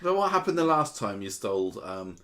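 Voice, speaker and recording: Low-voiced man chatting and laughing. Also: fairly quick. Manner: laughs often, animated. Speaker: podcast co-host. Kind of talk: casual chat recapping a soap.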